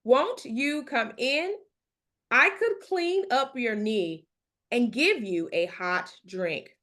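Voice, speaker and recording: A woman reading aloud the lines of a pleasant, polite young man in a storybook, lifting her voice high and lively. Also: takes it slowly. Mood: friendly. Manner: pleasant, polite, eager to help. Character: friendly helpful young man met at night.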